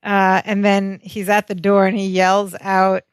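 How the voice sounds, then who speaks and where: Female podcast co-host, mid pitch, dry close mic, lively recap of a sitcom episode. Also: unhurried, smooth, no echo. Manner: animated retelling with quoted dialogue.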